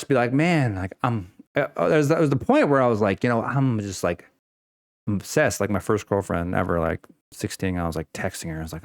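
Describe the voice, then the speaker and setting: A man's voice: fairly low pitch, expressive, moderate pace, dry recording, studio quality. A young man ranting casually to the camera at home, rambling with many fillers and restarts and swearing freely. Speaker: vlogger. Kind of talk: unscripted personal rant.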